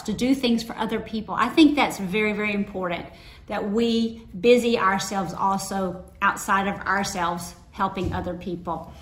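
A woman giving a sermon in a conversational, storytelling way, with personal anecdotes. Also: mid-range voice. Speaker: preacher. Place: church sanctuary. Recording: roomy echo.

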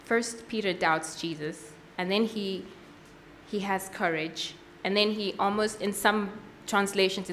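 A woman sharing her personal testimony at a worship service, earnest and halting, with frequent pauses and restarts. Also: mid-range voice, a bit bright, slight background noise. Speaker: church testimony speaker.

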